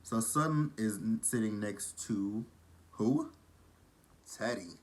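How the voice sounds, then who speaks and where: A man's voice: on the low side, slow pace, darkish tone. A man from Texas with a southern drawl, gossiping casually as he recaps a reality show. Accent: Texan. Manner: chatty, gossipy, shady asides.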